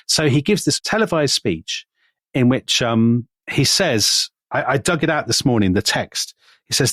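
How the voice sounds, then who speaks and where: A man co-hosting a podcast, telling history in a lively conversational way and dropping his voice to quote people. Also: a little slow, dry recording, studio quality. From Britain. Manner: animated, quotes figures in lowered voice. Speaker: podcast co-host.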